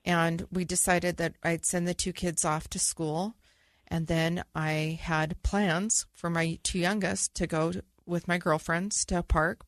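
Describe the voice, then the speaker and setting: Middle-aged woman, low voice, dry sound. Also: fairly bright tone, no echo. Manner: earnest, halting, with repeated restarts. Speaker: podcast co-host. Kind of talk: personal storytelling.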